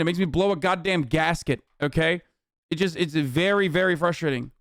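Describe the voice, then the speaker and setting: A male streamer in his thirties rants on a livestream, heated, sarcastic and quick to swear. His voice sits high and smooth. The close mic leaves the sound dry. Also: fairly bright tone, dry recording. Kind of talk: ranting livestream commentary.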